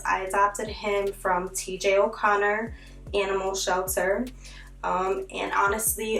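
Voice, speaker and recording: A woman's voice: mid-range voice, fairly bright tone. A young woman talking casually and candidly to her vlog audience, chatty and heartfelt, with a bit of slang. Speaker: vlogger. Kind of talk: casual vlog talk to camera. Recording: echoey room, voice from a distance, faint music.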